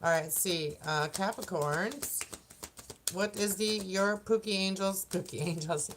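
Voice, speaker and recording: A woman with a mid-range voice talks a little slowly as she gives a casual oracle card reading for the zodiac signs. She rambles, laughs frequently, and stumbles over words, and there's a slight hiss or hum in the audio.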